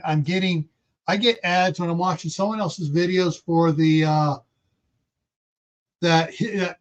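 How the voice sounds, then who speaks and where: A man hosting a casual livestream, chatting in a rambling, folksy way. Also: sits high. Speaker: livestream host. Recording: dull lo-fi stream audio.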